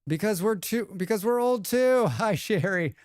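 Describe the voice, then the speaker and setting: A man's voice: sits high, lively intonation, normal speed, no room sound, clean studio sound. A young man chatting casually on a live stream, rambling and reading chat messages aloud, now and then swearing. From United States.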